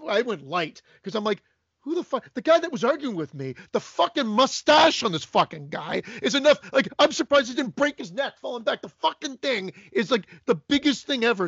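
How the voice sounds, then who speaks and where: A man's voice: very high voice, creaky, a bit bright, husky, dry recording, highs cut off. A man co-hosting a podcast, ranting in casual chat and swearing a lot. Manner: profane, ranting. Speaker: podcast co-host.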